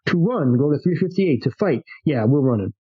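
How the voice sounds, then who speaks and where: A man hosting a show in which he plays a solo tabletop horror adventure, reading it aloud with animated asides and casual swearing. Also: fairly high pitch, brisk, breathy edge, dry recording, muffled recording. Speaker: host playing a solo tabletop game.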